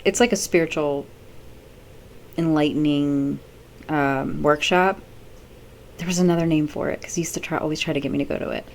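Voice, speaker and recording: A woman's voice: sits low, fairly even intonation, normal speed, long pauses, slight background noise. A middle-aged woman vlogging in casual chat, rambling off the cuff with many fillers.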